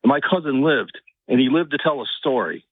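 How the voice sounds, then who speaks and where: A man's voice: mid-range voice, lively intonation, slightly rough, no room sound. Man calling in over a tinny phone line. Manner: halting restarts, voice rising with anger. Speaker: radio caller. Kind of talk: emotional call-in story.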